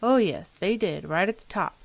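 A woman voicing a sly old landlady who talks in a slow, metallic, folksy drawl, coolly unbothered. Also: mid-range voice, expressive, gravelly. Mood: gossipy.

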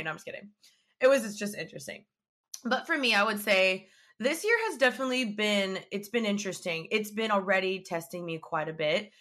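A woman in her twenties talks into a podcast microphone with a bright, clear tone. She chats casually and tells her stories in an animated, talkative way. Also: medium pitch, moderate pace. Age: 20s. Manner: chatty, animated storytelling. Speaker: podcast host. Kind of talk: casual chat.

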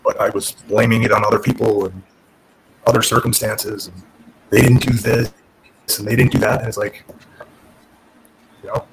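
A man's voice: lowish voice, vocal fry, a little hiss or hum, low-quality recording. A middle-aged man, a former pro wrestler, candidly telling his career story in an interview, frank and profane, often restarting his sentences.

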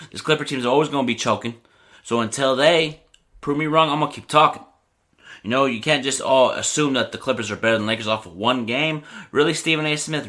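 A young man hosts a casual sports podcast in a bright, forward voice. He talks loosely, ranting and getting worked up, and leans on filler like "you know what I mean". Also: medium pitch.

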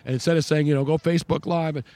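A man's voice: a little high, fairly even intonation, rapid-fire, mellow. A man hosting a talk radio show, chatting loosely and reading a live ad. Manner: chatty, rambling.

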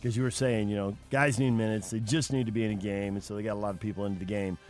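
A man hosting a sports radio show, briskly running through scores and handing off to his co-host. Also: lowish voice, steady tone, a little mellow, soft background music. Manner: brisk, reads scores then asks co-host.

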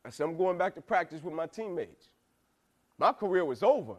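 A man's voice: high voice, animated, brisk, darkish tone. A young man giving an emphatic, slangy motivational speech to football players, repeatedly asking "right?". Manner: emphatic, repetitive, asks "right?" a lot, slangy.

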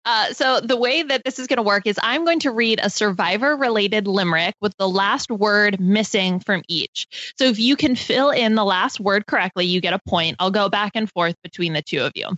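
A woman's voice: medium pitch, moderate pace, few pauses, fairly bright tone, dry recording. A woman hosts a casual podcast and runs a word game. She laughs often and keeps a playful tone. Her voice sits in a dry, slightly muffled recording. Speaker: podcast host running a game.

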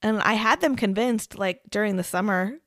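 A woman's voice: mid-range voice, moderate pace. A woman in her thirties hosts a podcast and tells a story in a casual, chatty way, laughing often. Her voice sits in a middle range. The sound is dry and close, with no room echo. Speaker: podcast host.

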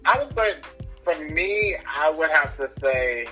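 A man appearing as a guest on a podcast, answering in animated, drawn-out casual chat. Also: a little high, faint music behind, poor audio.

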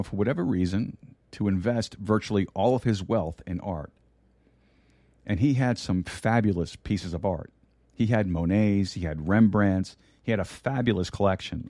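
A middle-aged man preaching a sermon and telling a story, slowing down to stress key words. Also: lowish voice, mellow, dry recording, clean studio sound.

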